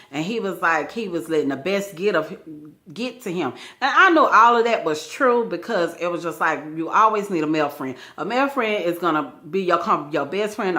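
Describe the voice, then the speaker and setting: A woman vlogger telling a personal story in a casual, slangy way, often quoting the people involved. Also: fairly low pitch. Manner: animated, slangy retelling with acted quotes.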